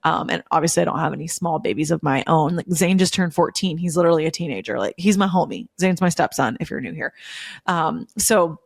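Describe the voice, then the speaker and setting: A woman's voice: low-pitched, fairly quick, vocal fry, slightly rough, no room sound, studio quality. A woman, hosting a podcast in casual, gushing, emotional chat full of fillers. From Memphis, USA. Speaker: podcast host.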